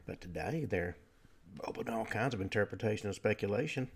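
Gravelly-voiced man hosting talk radio. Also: fairly low pitch. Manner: lecturing, with frequent pauses and "uh" fillers. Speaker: radio show host.

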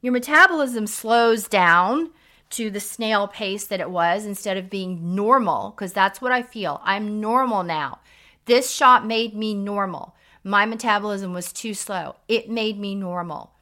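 A woman's voice: mid-range voice, measured pace, pushed and bright. A middle-aged woman, a nurse practitioner co-hosting a podcast, giving frank, emphatic health advice in a casual lecturing way.

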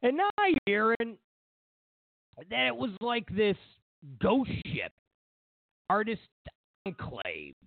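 A man's voice: high voice, huge pitch swings, takes it slowly, gravelly, long pauses, no echo, phone-quality sound. A male show host telling a meandering, opinionated story, full of fillers and restarts. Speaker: host of political commentary show. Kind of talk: rambling opinionated monologue.

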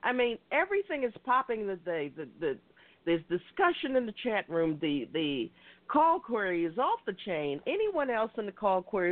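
A woman hosting an internet talk radio show, talking in an effusive, passionate, rambling way. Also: on the high side. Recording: tinny phone-like line.

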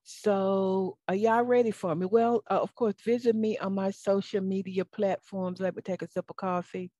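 A woman hosting her own talk show alone, speaking emotionally and warmly about faith to her listeners, with fillers and stammered restarts. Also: mid-range voice, steady tone, moderate pace, dry recording, clean studio sound. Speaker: talk show host and life coach. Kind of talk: solo talk show monologue.

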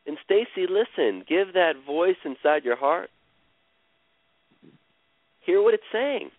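A man guiding a caller through an emotional healing session, speaking slowly and soothingly and repeating phrases. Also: high-pitched, sing-song, no echo. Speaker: healer guiding a caller on a radio show. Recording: dry, tinny phone-like radio sound.

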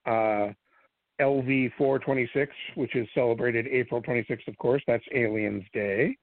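A blunt man co-host reacts quickly and swears freely. His voice sits at a middle pitch. The sound is narrow and phone-like, dry, with no room echo. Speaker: podcast co-host. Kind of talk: casual chat.

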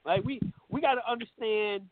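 A man's voice: high-pitched, a little fast. A man hosting a radio talk show, rambling and repeating himself in profane street slang. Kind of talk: loose profane radio banter. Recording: tinny phone-line sound with faint noise.

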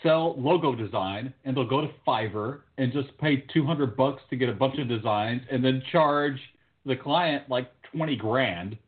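A man's voice: mid-range voice, normal speed. A man co-hosting a casual podcast chat in a laid-back way, mostly chiming in with short replies. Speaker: podcast co-host. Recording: tinny phone-like sound.

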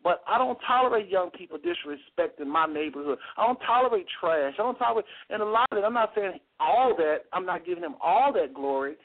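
A US talk radio host with a high voice speaks animatedly and fairly quickly, leaving few pauses. He's heated and argumentative with callers and emphatic, repeating phrases. The audio is tinny, as if over a phone line.

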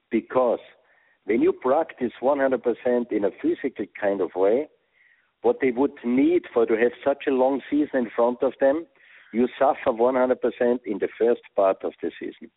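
A former soccer coach being interviewed over the phone, speaking earnest English with non-native phrasing. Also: male voice, mid-range voice, moderate pace, slightly rough, dry recording. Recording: tinny phone line.

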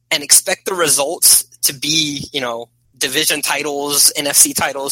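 A man's voice: a little high, steady tone, moderate pace, few pauses, bright, forceful tone, dry recording, low-quality recording. A man talking as a podcast guest in casual chat, a rambling, opinionated sports fan.

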